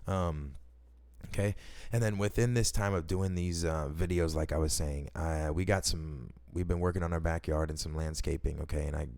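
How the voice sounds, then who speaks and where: A man telling personal stories in a casual, rambling way, excitable and slangy, swearing often and restarting his sentences. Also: very deep voice, normal speed, gravelly.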